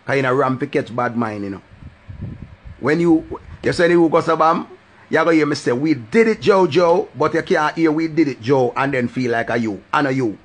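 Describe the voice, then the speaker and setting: A Jamaican man hosts his own live stream and rants loosely in patois at a moderate pace. His middling pitch lifts into a sing-song refrain each time he repeats his catchphrase, in a casual live-stream rant.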